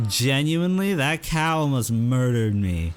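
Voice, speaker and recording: A man streaming a horror game, chatting casually and hesitantly with many fillers, now and then yelling at the game. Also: very animated, a little slow. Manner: rambling, hesitant, lots of fillers; yelps at the game in a higher voice. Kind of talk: casual gameplay commentary.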